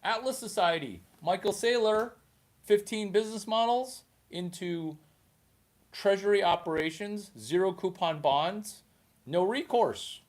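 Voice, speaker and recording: A man, a stand-up comedian, rambling through a comedic monologue in an animated, jumpy way. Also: high-pitched, measured pace.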